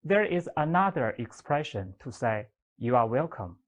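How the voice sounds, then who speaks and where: A Chinese language teacher giving a slow lesson in patient English, with repeat-after-me drills and example words drawn out deliberately. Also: medium pitch, sing-song.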